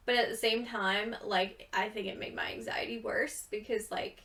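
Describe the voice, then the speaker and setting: High-voiced chatty young woman, a little distant. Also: steady tone, moderate pace, a bit bright. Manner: rambling, giggly, chatty. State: tired from little sleep. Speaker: gaming video creator. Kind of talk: casual chat over gameplay.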